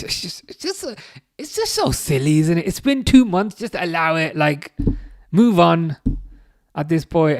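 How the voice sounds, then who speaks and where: A man's voice: on the high side, dry recording, clean studio sound. Young man streaming a football watchalong. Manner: excitable outbursts at chances, chatty asides. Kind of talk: live match reaction and chat reading.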